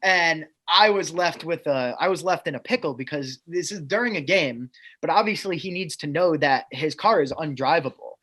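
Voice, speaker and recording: A man's voice: fairly high pitch, moderate pace, fairly bright tone. A man telling a funny work story on a podcast in a casual, chatty way. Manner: chatty anecdotal, laughs through stories. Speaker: team staff member telling stories.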